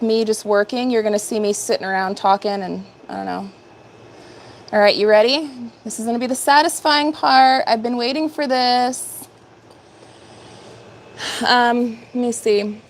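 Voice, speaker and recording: A woman in her fifties hosting a casual livestream, chatting upbeat with viewers by name as she works. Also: a little high. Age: 50s. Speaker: livestream host. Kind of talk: casual live chat while working.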